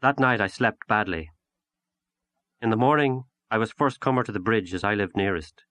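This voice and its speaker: A man narrating a literary short story in a measured, unhurried audiobook reading. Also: on the low side, a bit bright, dry recording.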